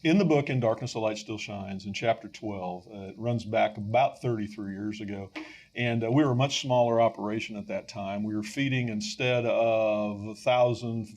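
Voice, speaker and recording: A middle-aged man hosting a podcast, telling a story with lively energy and frequent fillers and restarts. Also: on the low side, normal speed. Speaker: podcast host and rescue mission leader.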